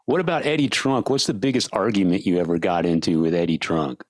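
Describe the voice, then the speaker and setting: A man's voice: low-pitched, no room sound. A man hosting a podcast, asking questions in a casual, enthusiastic way. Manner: enthusiastic, quick to laugh along. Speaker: podcast host.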